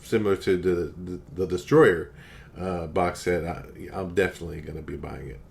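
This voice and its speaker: A man's voice: low voice, fairly even intonation, moderate pace, vocal fry, darkish tone. A man co-hosting a casual podcast, answering emphatically and agreeing readily. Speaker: podcast co-host. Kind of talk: casual chat.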